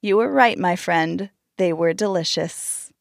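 A woman voicing a cautious, gentle male tortoise in a storybook tale, soft and hesitant. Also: lowish voice, unhurried, vocal fry, no room sound, clean studio sound, pitched below the performer's own voice. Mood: calm.

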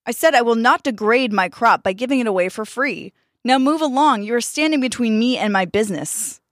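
A woman's voice: mid-range voice, animated, normal speed, a bit bright, no echo, close to an everyday voice. Greedy proud farmer played by a woman, stern, scolding, dry recording. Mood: scornful. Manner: scolding, dismissive.

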